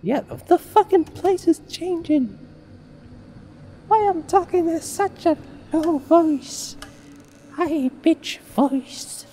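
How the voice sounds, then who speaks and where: A man putting on a squeaky, grandma-like high voice as a joke while playing a horror game. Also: expressive, takes it slowly, warm tone, slight background noise, full character voice. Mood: mock surprise. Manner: joking, swearing. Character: squeaky old grandma-like voice, mock-startled.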